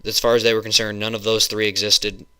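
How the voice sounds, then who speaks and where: Low-voiced young man ranting. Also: flat delivery, quick pace, pushed and bright, clear, resonant tone. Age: 20s. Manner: heated, rambling, swearing, many restarts. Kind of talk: webcam rant.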